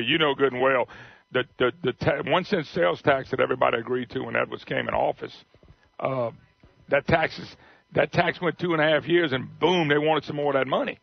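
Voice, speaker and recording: Gravelly talk radio host. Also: male voice, mid-range voice, no echo. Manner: blunt, folksy, jokey. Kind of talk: casual on-air chat. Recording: dull radio broadcast sound.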